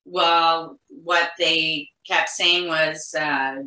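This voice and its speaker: The mother of the deceased, a middle-aged woman from Quebec, speaks as an interview guest in a deep, bright, forceful voice at a measured pace. The room echoes as she emotionally and insistently recounts events, often doubling back and beginning her sentences again.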